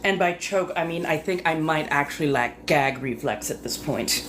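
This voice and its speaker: This livestream host's voice sits low and moves at a moderate pace. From home, she chats casually with her viewers in a teasing, flirty way, dropping innuendo and muttering asides, while steady room noise hums in the background.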